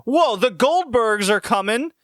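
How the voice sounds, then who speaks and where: A man's voice: very high-pitched, expressive, measured pace, fairly bright tone, no room sound, studio quality, pitched above the performer's own voice, heavily acted. A man mimicking a selfish fiance on the phone in a whiny, demanding tone. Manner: petulant, demanding.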